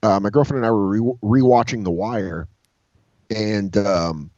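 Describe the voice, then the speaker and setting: A man's voice: lowish voice, a little slow, no room sound. A man, a comedian guest, telling rambling stories in casual interview talk, cursing freely and acting out other people's lines. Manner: rambling, profane, animated quoting of others. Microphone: video call. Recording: dull lo-fi video call audio.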